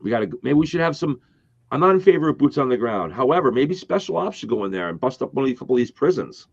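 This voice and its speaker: A man's voice: mid-range voice, big pitch swings, fast talker, vocal fry, husky, no echo. A man co-hosting a casual political talk stream, speaking emphatically and rambling with frequent restarts. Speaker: co-host. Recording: dull, dry lo-fi stream audio.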